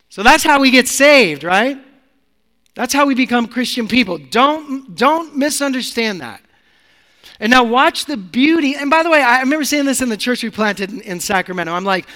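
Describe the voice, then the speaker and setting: Male preacher, high bright tone, emphatic delivery, big church reverb. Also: animated, normal speed. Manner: emphatic, swings from loud to hushed. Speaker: pastor. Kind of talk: sermon.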